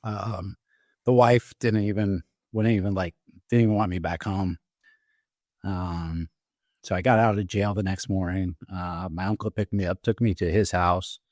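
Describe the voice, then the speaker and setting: Low-voiced middle-aged man, halting storytelling. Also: steady tone, a little mellow, no echo, studio quality. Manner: halting, many fillers and restarts. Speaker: podcast guest, Army veteran. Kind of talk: personal story told in an interview. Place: podcast studio.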